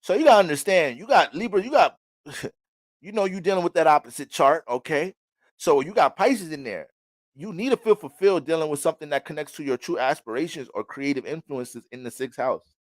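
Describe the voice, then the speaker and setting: A male astrologer talks through a casual reading in an animated, preachy way, swearing freely. His voice sits somewhat high and sounds dry, close and free of room echo. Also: fairly quick.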